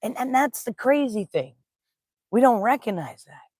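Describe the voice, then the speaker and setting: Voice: mid-range voice, very animated, normal speed, darkish tone, no room sound, studio quality. A spiritual teacher giving a casual live-streamed talk, telling stories with folksy slang and greeting viewers in the chat. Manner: laughs easily, folksy slang.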